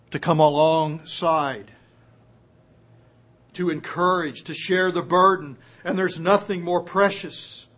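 A man preaching a sermon in a fairly high voice. He drops to hushed, almost murmured lines, then climbs to loud, emphatic peaks. He slows right down to press on the words he wants heard.

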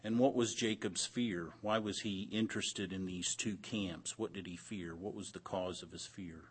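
Speaking at normal speed in a low, steady voice with a breathy edge, a man teaches an interactive Bible class. He asks the group questions, echoes their responses, and slips in dry humor now and then.

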